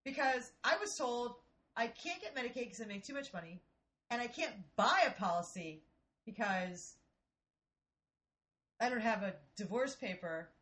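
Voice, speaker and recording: Bright-voiced, profane woman in her forties. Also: fairly high pitch, moderate pace, long pauses. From Ohio, US. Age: 40s. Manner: animated, profane, laughing storyteller. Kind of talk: casual storytelling.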